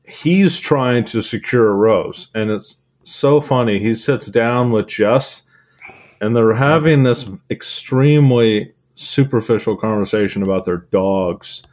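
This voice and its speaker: A man co-hosting a podcast who recaps events in a relaxed, easygoing way with plenty of fillers. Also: mid-range voice, measured pace. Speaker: podcast co-host. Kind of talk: casual chat.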